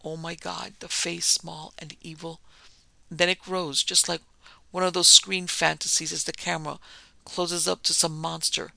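A man reading aloud, voicing a frightened young woman who pleads in a hushed, half-whispered way. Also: on the high side, flat delivery, a little slow, creaky, no echo, heavily acted. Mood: terrified.

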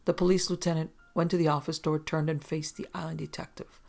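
An audiobook narrator reading a detective story in a steady storytelling manner. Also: medium pitch, brisk, gravelly. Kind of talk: scripted narration.

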